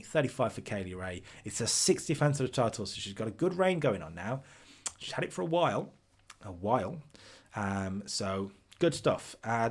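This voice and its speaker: Chatty man recapping a game. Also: mid-range voice. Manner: chatty, recaps segments and reads out ratings. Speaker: streamer booking a wrestling sim. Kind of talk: casual game commentary.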